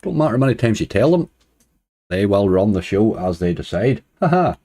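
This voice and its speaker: A man's voice: lowish voice, animated, a little fast, mellow. A man hosting a casual live stream, chatting and greeting viewers one by one with easy chuckles. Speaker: slots streamer greeting chat.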